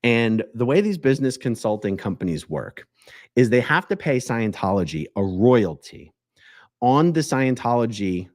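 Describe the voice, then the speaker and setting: A man hosting a commentary video, talking in an animated, joking way with digressions. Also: medium pitch, normal speed, no room sound, studio quality. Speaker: host.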